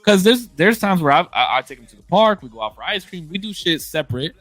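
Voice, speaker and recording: A man's voice: high-pitched, sing-song, fast talker, fairly bright tone, dry recording. A man in his thirties talking candidly in a casual conversation, emphatic and blunt, often restarting his sentences. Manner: emphatic, frequent profanity and restarts.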